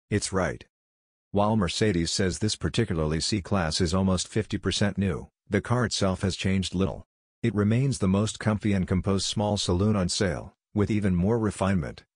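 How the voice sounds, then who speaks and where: Male voice-over, low register, steady scripted delivery, dry close sound. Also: breathy edge, dry recording. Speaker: car reviewer.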